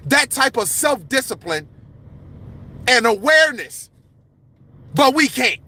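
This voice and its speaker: A man hosting a livestream, ranting with passion in a confrontational, preachy way and often yelling. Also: very high voice, big pitch swings, slow pace, pauses often, breathy edge. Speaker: livestream host. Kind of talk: heated livestream rant.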